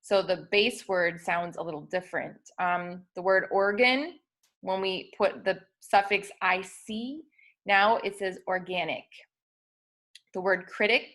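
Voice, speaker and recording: In this instructional clip on spelling rules, a young woman's mid-range, fairly bright voice carries a patient, methodical lesson. Frequent ums and minor self-corrections pepper her explanation.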